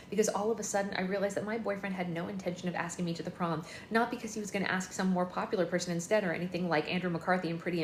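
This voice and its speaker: Woman reading a novel aloud, echoey room. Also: fairly low pitch. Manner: chatty first-person narration. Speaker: book club host reading aloud. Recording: echoey room with faint noise.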